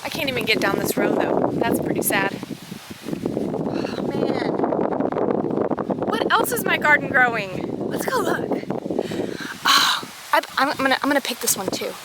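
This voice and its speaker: A woman, chatting excitedly as she walks her garden for a homesteading vlog, gasping at her finds. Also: high-pitched, measured pace, long pauses, very noisy. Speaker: homesteading vlogger. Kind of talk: casual walk-and-talk vlog. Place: outdoors in a rural garden. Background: outdoor ambience, rustling leaves, animals.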